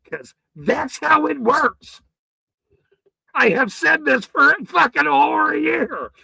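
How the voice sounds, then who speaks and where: A man hosting his own channel, delivering an angry, profane, boastful rant straight to camera with frequent shouting. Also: very high-pitched, big pitch swings, slow, vocal fry, dry recording, poor audio. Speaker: channel host.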